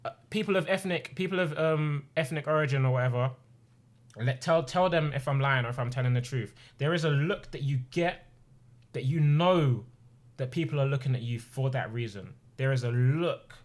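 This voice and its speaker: A man's voice: mid-range voice, normal speed. A man in his twenties talking on stream, earnest and impassioned, repeating phrases for emphasis. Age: 20s. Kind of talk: emotional personal talk on stream. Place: home streaming room.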